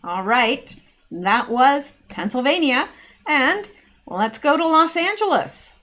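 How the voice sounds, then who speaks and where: A woman's voice: high voice, animated, takes it slowly, a bit bright. A middle-aged woman hosting casual video commentary, chatty and full of rambling asides. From Canada. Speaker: channel host.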